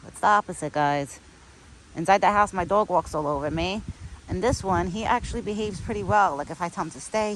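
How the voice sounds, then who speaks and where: A young pregnant woman vlogging outdoors on a windy day, chatting casually with lots of "like" and a soft, affectionate way of talking. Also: mid-range voice, poor audio.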